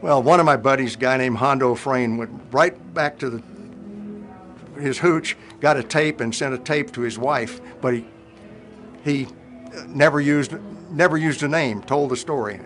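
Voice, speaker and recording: A man's voice: medium pitch, normal speed, a bit bright, soft background music. An older man, a retired Marine helicopter pilot, telling a war anecdote in a wry, self-mocking way with plenty of fillers.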